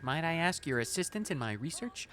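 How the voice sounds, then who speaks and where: A man voicing a curious, analytical hologram researcher in a formal, measured manner. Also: fairly high pitch, sing-song, a bit bright, slight background noise, pitched above the performer's own voice. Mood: inquisitive.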